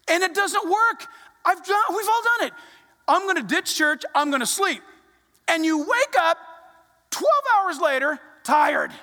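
A pastor preaching a conversational sermon in a church, acting out little quotes as the story goes. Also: high voice. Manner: animated, conversational, acts out quotes. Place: church sanctuary. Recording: reverberant church hall.

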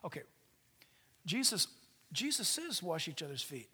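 A man pastor giving a sermon, telling a humorous story and swinging between loud preaching and hushed asides. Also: a little high, big pitch swings, moderate pace, slightly rough. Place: church sanctuary stage. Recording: long hall reverb.

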